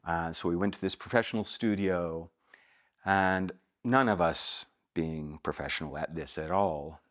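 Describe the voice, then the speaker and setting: A middle-aged man from Atlanta, Georgia, working as a voice actor, telling stories in a relaxed way in a casual interview and laughing easily. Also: low voice, a little slow. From Atlanta, Georgia, USA. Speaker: guest, voice actor.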